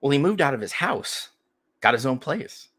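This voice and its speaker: A man co-hosting a podcast in casual chat, telling stories in a crude, animated, profane way. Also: medium pitch, normal speed. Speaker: podcast co-host.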